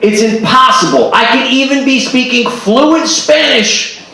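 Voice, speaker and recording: A man doing a stand-up comedy set, animated and throwing in character voices and Spanish phrases. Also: very high-pitched, unhurried. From Cuban family. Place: stage at a live show with audience. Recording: echoey room, distant live recording with crowd. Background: audience laughing.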